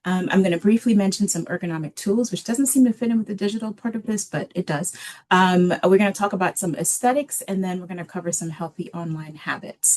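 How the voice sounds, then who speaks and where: A woman presenting a library webinar in a relaxed, casual way, with many filler ums. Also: on the low side, fast talker.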